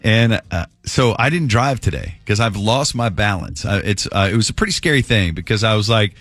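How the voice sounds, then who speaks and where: A man's voice: lowish voice, lively intonation, brisk, a bit bright, no echo. Chatty male radio host. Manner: chatty, rambling, self-deprecating. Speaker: morning radio show host. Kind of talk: casual morning radio banter. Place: radio studio. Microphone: studio microphone.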